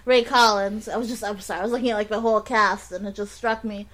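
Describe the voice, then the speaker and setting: A woman's voice: medium pitch, fairly even intonation, fast, a bit bright. A woman co-hosting a casual film podcast, who gets set off laughing easily. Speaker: podcast co-host.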